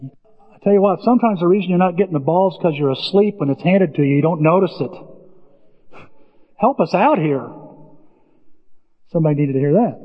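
A male pastor preaches with a high, lively voice that swoops up and down as he tells stories. The sermon is recorded in a church hall with a long, ringing reverb. The sound is dull and lo-fi. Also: fairly quick, long pauses. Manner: animated storytelling, acts out biblical voices.

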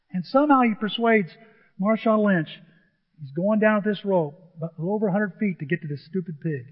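Animated, lively man telling a funny story. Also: high-pitched, normal speed. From grew up on a farm. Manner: animated, chatty, repeats himself. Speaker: storyteller speaking to an audience. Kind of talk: humorous storytelling talk. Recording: dull, with long hall reverb.

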